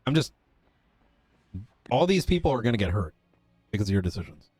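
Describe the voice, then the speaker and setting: A man in character as a police officer in a roleplay game, lecturing in earnest and stopping often to pick his words. His voice sits at an everyday middle pitch, and the sound is close and dry with no room in it. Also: big pitch swings, a little mellow, slightly rough, no room sound. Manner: earnest, lecturing, halting with fillers.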